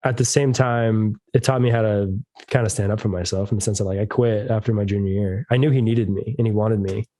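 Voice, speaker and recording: Deadpan low-voiced man telling stories. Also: fairly quick, hardly any pauses, dry recording. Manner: deadpan, monotonous delivery. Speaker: podcast guest, musician. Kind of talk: casual storytelling chat.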